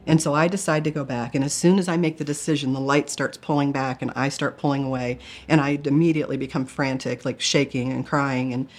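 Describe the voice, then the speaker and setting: A woman's voice: extremely low pitch, fairly even intonation, a little fast, few pauses, soft background music. A middle-aged woman candidly telling a personal story in a testimony style, earnest with flashes of self-mocking humor. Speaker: guest telling a near-death experience.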